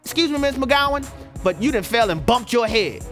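A man's voice: very high voice, expressive, moderate pace, a bit bright, soft background music. A man hosting a radio talk show, giving emphatic political commentary and firing off rhetorical questions. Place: radio studio.

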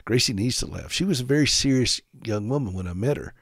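Man, radio host, from south carolina, animated, joking, dry close studio sound. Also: mid-range voice, fast, dry recording. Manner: animated, sarcastic humor, direct address to listeners. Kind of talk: radio talk monologue.

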